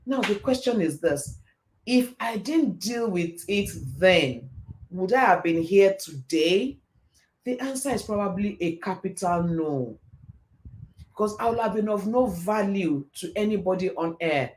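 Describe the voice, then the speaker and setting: A middle-aged man hosting a live stream and giving a motivational faith talk, telling stories in a fast, animated way. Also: high-pitched. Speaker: host.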